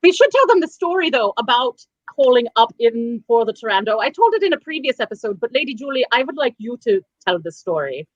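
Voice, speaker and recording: A woman's voice: fairly high pitch, lively intonation, a little fast, few pauses, no echo, muffled recording. A woman co-hosting in playful in-character chat, with a theatrical manner. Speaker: co-host.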